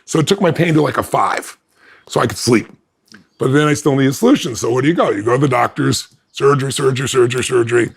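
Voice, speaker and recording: This is a man guesting on an interview, animatedly relating a personal anecdote and dramatizing the dialogue with big pitch jumps. His delivery is fast, with vocal fry and a slightly rough texture.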